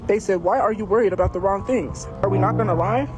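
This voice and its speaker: A woman's voice: mid-range voice, fast, over music, rough recording. A woman arguing insistently on a livestream, repeating her point again and again. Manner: insistent, repetitive, confrontational. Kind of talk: heated livestream argument.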